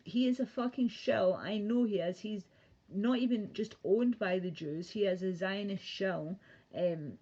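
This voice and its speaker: A woman's voice: medium pitch, a little slow, warm tone, husky, highs cut off. Profane, ranting woman streamer. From Britain. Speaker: livestreamer. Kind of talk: casual livestream rant.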